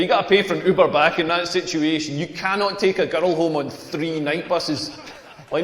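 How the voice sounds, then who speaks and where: A Scottish man in his forties doing a mocking, animated stand-up comedy set, acting out other people's voices. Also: on the high side. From Scotland. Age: 40s. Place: comedy club stage before a live audience. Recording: roomy live venue with long reverb.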